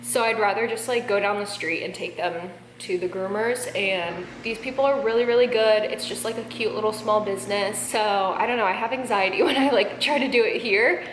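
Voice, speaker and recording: A woman's voice: medium pitch, fairly quick, few pauses. A young woman chatting casually in a vlog, rambling with lots of fillers, talking from her car. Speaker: vlogger. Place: in a car, on the road. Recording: noisy car recording.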